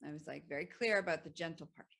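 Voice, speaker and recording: Laughing, animated woman podcast host. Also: low-pitched, fast, vocal fry. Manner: animated, laughs often, swears freely. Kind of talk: personal storytelling monologue.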